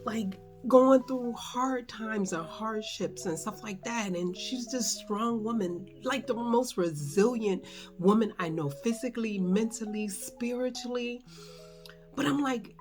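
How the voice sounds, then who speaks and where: Slow-talking woman in a candid home vlog. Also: mid-range voice. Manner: emotional, candid, rambling with many fillers. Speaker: vlogger. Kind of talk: unscripted personal vlog. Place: at home indoors.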